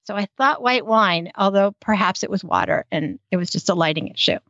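A woman's voice: medium pitch, animated, a little fast, fairly bright tone, no room sound. Giggly woman co-host, dull dry sound. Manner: giggly, acts out lines from the show. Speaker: podcast co-host. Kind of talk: casual recap chat.

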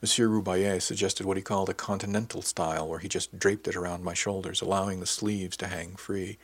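A man reading a first-person audiobook in a measured, descriptive way. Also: sits low, fairly even intonation. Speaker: audiobook narrator.

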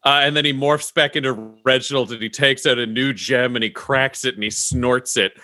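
Bright, dry-voiced man playing a tabletop game. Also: mid-range voice, fairly even intonation, fairly quick, no room sound. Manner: casual, profane. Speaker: player. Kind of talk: describing his character's actions in a tabletop game.

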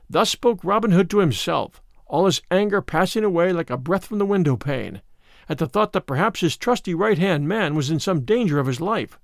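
A man reading an old-fashioned tale aloud with an expressive delivery. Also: high voice, moderate pace, gravelly, no room sound, studio quality. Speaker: narrator. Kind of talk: storybook read-aloud.

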